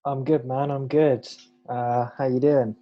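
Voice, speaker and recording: A man's voice: mid-range voice, flat delivery, unhurried. A young man, co-hosting a casual podcast, cracking jokes and swearing freely. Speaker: podcast co-host. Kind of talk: casual chat. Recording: dull, lo-fi sound.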